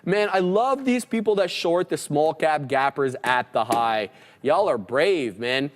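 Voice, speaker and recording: A man hosting live trading commentary with a fairly high voice. He calls the price moves in a hyped, auctioneer-like rush. The sound has a long reverb tail. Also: lively intonation, measured pace. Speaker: stream host and trader.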